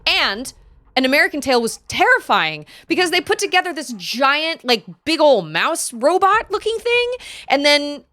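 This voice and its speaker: A woman's voice: high-pitched, big pitch swings, normal speed, bright, forceful tone, dry recording. A woman streaming a game, chatting casually and animatedly, laughing often and gasping at surprises. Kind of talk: casual gameplay chat.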